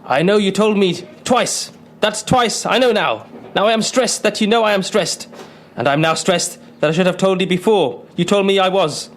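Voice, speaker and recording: A man's voice: sits high, normal speed, a little hiss or hum. A man playing an uptight, fretful Brit. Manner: flustered, fretful, self-conscious. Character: anxious, uptight British male client. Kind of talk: comedy radio sketch.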